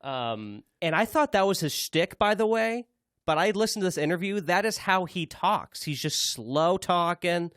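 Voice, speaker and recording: A man's voice: high voice, expressive, moderate pace, fairly bright tone, dry recording. Man, podcast co-host, casual chat, rambling, restarts, dry close mic. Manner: rambling, many restarts and fillers.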